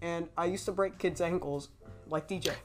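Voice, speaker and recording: A woman's voice: fairly low pitch, fairly even intonation, moderate pace, soft background music. Brash, swearing young woman on a call. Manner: brash, swears freely, teasing. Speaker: podcast co-host. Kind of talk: casual group chat over a call. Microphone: desk mic with webcam.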